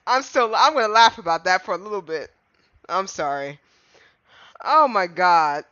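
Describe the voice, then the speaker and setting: A man's voice: high voice, lively intonation, a little slow, bright, forceful tone, clear, resonant tone, no echo, highs cut off. A man streaming a game live, chatting casually and rambling to his chat between fits of giggles.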